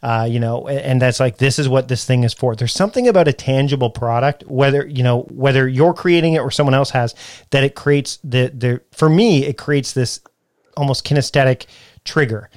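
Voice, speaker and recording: Guy hosting a podcast, rambly and chatty, mid pitch, dry close sound. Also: brisk, no room sound. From Canada. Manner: chatty, rambling, laughs often. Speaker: podcast host. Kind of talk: casual interview chat.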